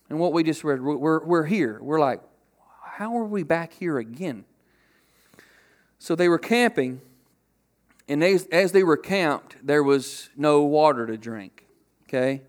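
A man preaching a sermon to a congregation, asking rhetorical questions and acting out loud quotes. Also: fairly high pitch. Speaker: pastor.

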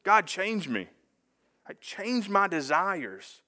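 A man's voice: high-pitched, sing-song, slow, sharp tone. A man preaching a casual sermon, talking conversationally with rambling asides and self-corrections.

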